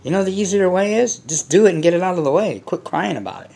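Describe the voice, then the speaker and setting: A man's voice: high voice, lively intonation, quick pace, creaky, a little mellow. A man hosting a casual unboxing vlog, rambling and blunt, swearing freely as he talks to his viewers. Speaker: hobby channel host.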